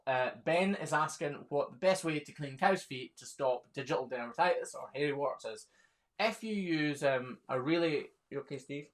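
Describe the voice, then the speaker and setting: A man's voice: medium pitch, fairly bright tone. Chatty man in his thirties. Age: 30s. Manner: chatty, laughs often, reads comments aloud. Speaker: hoof trimmer hosting a live Q&A. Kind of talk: casual live-stream chat reading viewer questions.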